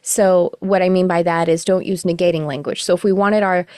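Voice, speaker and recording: A middle-aged woman teaching a live online class, explaining in a relaxed, rambling way with self-corrections. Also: fairly low pitch, brisk, clean tone, dry recording, clean studio sound. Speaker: course teacher. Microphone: video call.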